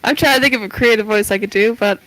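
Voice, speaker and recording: A woman's voice: mid-range voice, quick pace, fairly bright tone, no room sound, faint music behind, rough recording. A woman playing along on a game stream, chatting and thinking aloud. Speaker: stream co-player. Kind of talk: casual game chat.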